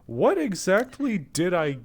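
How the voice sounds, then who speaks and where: A streamer playing a roleplay character, rambling through fillers, then gently coaxing a frightened animal. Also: mid-range voice, sing-song, takes it slowly, husky. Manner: rambling, with many fillers and restarts. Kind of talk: casual in-character roleplay chat.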